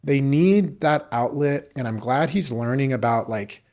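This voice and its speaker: On a podcast, a jiu-jitsu coach appears as a guest and rambles through casual stories, full of fillers and offhand swearing. His medium-pitched voice is a little mellow and unhurried.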